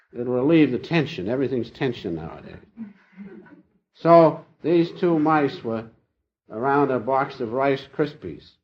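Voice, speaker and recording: An older man giving an informal spiritual talk, telling folksy little stories with gentle humor. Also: medium pitch, a little hiss or hum. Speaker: spiritual teacher. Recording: dull lo-fi old recording.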